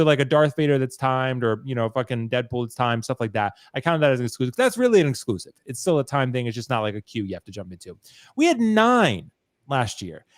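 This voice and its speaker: A man's voice: medium pitch, dry recording, studio quality. A man from Maryland hosting a casual livestream. He talks in a laid-back way, swears freely and laughs often. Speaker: livestream host.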